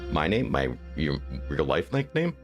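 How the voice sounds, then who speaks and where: Very deep gravelly man. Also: big pitch swings, a little slow, muffled recording, over music. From United States. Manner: rambling, musing aloud between game remarks. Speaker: gaming streamer. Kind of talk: casual gameplay chat with viewers.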